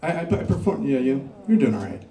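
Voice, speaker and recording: A middle-aged man performing a stand-up comedy set, doing crowd work and dropping deadpan dark punchlines on a club stage. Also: on the high side, brisk. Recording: roomy club sound, mic picked up from a distance.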